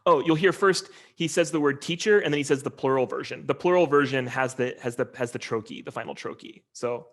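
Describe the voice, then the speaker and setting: A man giving an informal linguistics lecture over a video call, talking in a relaxed, conversational way with many ums and uhs. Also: mid-range voice, a little fast, few pauses.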